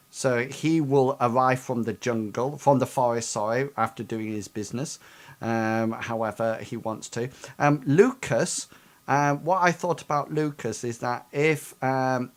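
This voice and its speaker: A man narrating as game master of a tabletop game over voice chat, hesitant and full of ums. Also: medium pitch. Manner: hesitant, filled with ums and likes.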